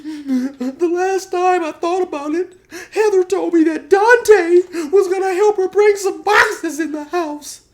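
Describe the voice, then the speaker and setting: A man voicing a distraught young male prison inmate who whines and sobs in a high-pitched voice. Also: slow, hardly any pauses. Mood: sobbing. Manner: sobbing, whiny, high-pitched.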